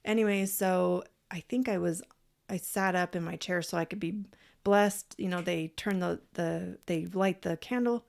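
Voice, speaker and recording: A woman co-hosting a podcast, telling a personal story in a casual, animated way, acting out what people said and swearing freely. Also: fairly low pitch, normal speed, creaky. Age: parent, adult. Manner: animated, acts out quoted voices. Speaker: podcast co-host.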